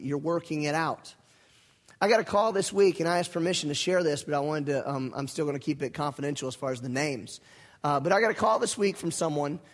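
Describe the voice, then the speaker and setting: A pastor with a high voice preaches in a folksy, lively way, repeating his key phrases and tossing in asides. The sound rings with a long reverb, as in a big hall. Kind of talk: sermon. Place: church sanctuary.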